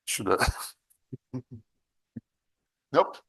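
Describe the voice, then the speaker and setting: A man giving a live mathematics lecture, halting and restarting often, with many fillers and a questioning "eh?" tag. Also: fairly bright tone, rough recording. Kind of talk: live university lecture at a board.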